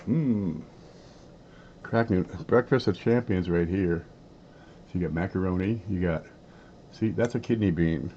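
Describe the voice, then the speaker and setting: A man with a fairly low voice rambles in a folksy, easygoing way, talking through mouthfuls of food as he eats on camera. The recording sounds dull and lo-fi, with a faint hiss underneath. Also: lively intonation, measured pace, long pauses, mellow. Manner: folksy, rambling, talks with his mouth full. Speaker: coin collecting channel host. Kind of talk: casual chat while eating on camera.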